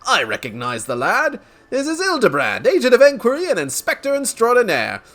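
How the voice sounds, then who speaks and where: A man voicing a gruff, folksy older male retainer with rustic speech. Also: very high-pitched, wildly swooping pitch, a little fast, pushed and bright, voice pushed up, full character voice. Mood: hearty.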